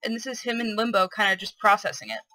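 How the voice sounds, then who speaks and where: Woman doing game commentary, mid pitch, dry close sound, wondering out loud. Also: expressive, fast talker, no room sound, poor audio. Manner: curious, thinking aloud and speculating. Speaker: let's play host. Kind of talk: gameplay commentary.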